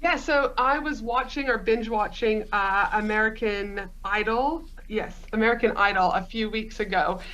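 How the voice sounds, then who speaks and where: An Australian woman, a business coach appearing as a podcast guest, tells her story at a normal speed with hardly any pauses. Her medium-pitched voice is fairly bright, and she rambles chattily with frequent fillers in this conversational interview. The recording sounds muffled.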